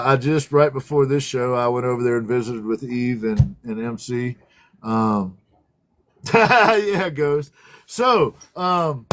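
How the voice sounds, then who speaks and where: Rambling man hosting a livestream. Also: on the high side. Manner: rambling, greets viewers by name. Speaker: livestream co-host. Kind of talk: casual livestream chat.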